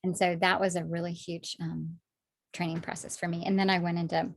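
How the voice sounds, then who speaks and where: A woman sharing her personal faith testimony in conversation, animated when acting out past moments, soft and low when reflecting. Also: brisk, creaky. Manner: animated storytelling, acts out her own past words.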